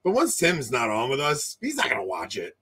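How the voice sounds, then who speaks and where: A man co-hosting a casual livestream chat, loud and often laughing as he tells stories into a close desk mic. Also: mid-range voice, wildly swooping pitch, a little fast, noisy background. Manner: loud, laughs a lot while telling stories. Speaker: podcast co-host. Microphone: desk mic close to face.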